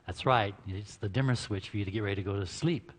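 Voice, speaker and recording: A man's voice: fairly low pitch, fast. A man giving an informal, joking talk at a church health seminar, chatting with the audience and laughing at his own lines. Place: church hall before an audience. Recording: reverberant church hall.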